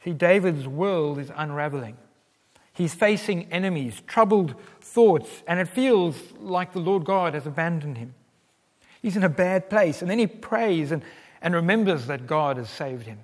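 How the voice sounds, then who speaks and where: A man's voice: a little high, expressive, measured pace. Earnest preaching man in a reverberant hall. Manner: earnest, emphatic, with wide swings in loudness. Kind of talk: sermon.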